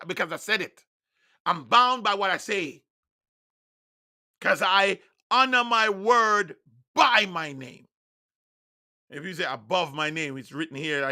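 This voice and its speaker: A man whose first tongue is Patois preaches in a high, bright, gravelly voice. He is emphatic and insistent, and now and then rises to loud declarations. The delivery has a sharp, piercing edge. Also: unhurried. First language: Jamaican Patois. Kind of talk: online sermon broadcast.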